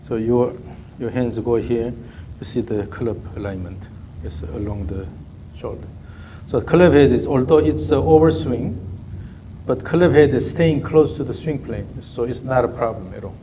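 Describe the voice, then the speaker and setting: A man's voice: medium pitch, moderate pace, mellow, a little hiss or hum, low-quality recording. A man working as a golf coach in a live session, calling out short repeated drill cues and then explaining the movement.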